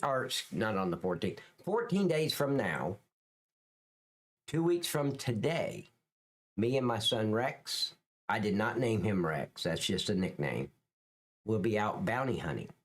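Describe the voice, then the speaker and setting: A man's voice: lowish voice, sing-song, unhurried, pauses often. A middle-aged man hosting a live stream, chatting casually with viewers in a joking, crude, rambling way. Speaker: livestream host.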